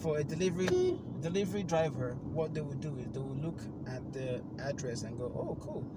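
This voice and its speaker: Animated man telling a story in a car. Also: brisk. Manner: animated, bursts loud and high when acting out the phone call. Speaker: podcast host. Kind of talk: casual storytelling chat. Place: inside a car. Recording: car road noise behind.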